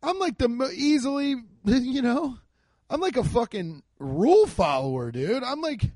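A man doing a casual comedic rant, profane and excitable, acting out the voices of people he quotes, on a handheld mic. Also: high-pitched, moderate pace, no echo. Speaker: stand-up comedian. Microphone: handheld microphone.

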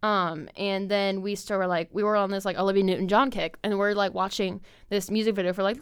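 A woman's voice: mid-range voice, fairly even intonation, fast talker, clear, resonant tone, no room sound, clean studio sound. A young woman hosting a podcast, telling a long story in a rambling casual monologue, full of "like" and swearing. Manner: filler-heavy, swears a lot. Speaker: podcast host.

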